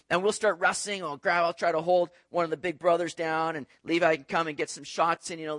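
Male pastor, high voice, animated conversational sermon delivery, dry close sound. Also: fairly quick, few pauses, dry recording. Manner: animated, conversational preaching with rhetorical asides.

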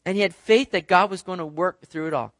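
A man's voice: sits high, brisk, fairly bright tone, no echo. A man preaching a sermon to a congregation in a conversational way, often checking in with "right?". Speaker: pastor. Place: church service.

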